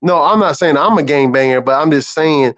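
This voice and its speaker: A man's voice: on the high side, a bit bright, no echo. Drawling Southern US man, muffled audio. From South Carolina, US. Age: 30s. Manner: slow drawling, swearing freely. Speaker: guest on a live stream panel. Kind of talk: casual chat. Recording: dull lo-fi call audio.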